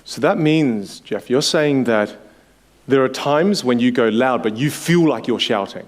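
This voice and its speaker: Lively male communication coach. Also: medium pitch, a little slow. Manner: animated, acts out quoted voices. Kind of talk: workshop coaching. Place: workshop room.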